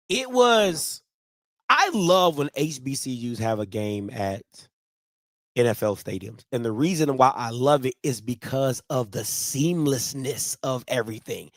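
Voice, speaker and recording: A man's voice: medium pitch, no echo. A man from Ohio telling a casual, slangy story to his viewers, repeating and restarting phrases as he goes. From Ohio, USA. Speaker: vlogger.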